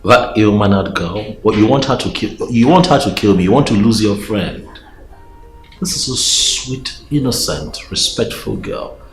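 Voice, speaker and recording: A man playing a pleading young Nigerian man, deep voice. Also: animated, moderate pace, echoey room, soft background music, natural voice. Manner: pleading, coaxing. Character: pleading young man, wooing a respectful girl. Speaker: young man asking his friend for help.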